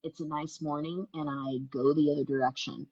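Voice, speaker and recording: A woman's voice: low-pitched, level tone, fairly quick, warm tone, muffled recording, slight background noise. A woman from the Midwest co-hosting a casual chat, folksy and talkative, laughing easily, heard over a video call. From American Midwest. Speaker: co-host.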